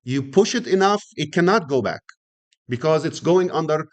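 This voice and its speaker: A man's voice: fairly high pitch, animated, normal speed. A middle-aged male lecturer. He teaches anatomy in a classroom style, repeating key words and checking in with students through frequent questions.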